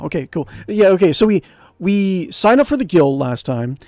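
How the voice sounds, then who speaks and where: A man's voice: high-pitched, big pitch swings, moderate pace, a little mellow, no room sound. Chatty man streaming a text game. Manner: rambling, chatty, many fillers and restarts. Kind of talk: let's-play commentary, reading game text aloud.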